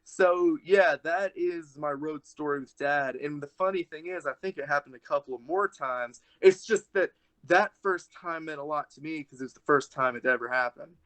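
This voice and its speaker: A man's voice: fairly high pitch, moderate pace, few pauses, fairly bright tone. A young man, a wrestler guest, chatting casually on a podcast and telling a rambling story full of "like"s.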